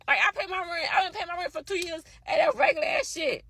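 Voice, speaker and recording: A mother ranting furiously to camera, cursing and shouting about her landlord. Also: very high-pitched, big pitch swings, fairly quick, hardly any pauses, no room sound. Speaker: tenant posting a video. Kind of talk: angry rant to camera.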